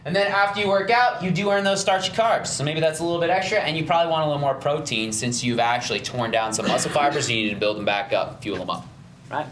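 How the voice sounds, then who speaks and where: A man's voice: fairly high pitch, fast talker, echoey room, a crowd in the background. A man leading a nutrition seminar as a fitness trainer, casual and encouraging, often checking in with "right?" and "okay?". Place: fitness studio seminar room.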